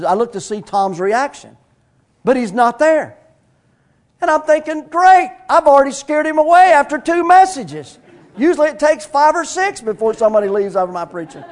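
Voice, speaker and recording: A middle-aged man, a pastor preaching a sermon in a folksy, storytelling way. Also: high voice. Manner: storytelling preacher, animated, folksy, with shouts of praise.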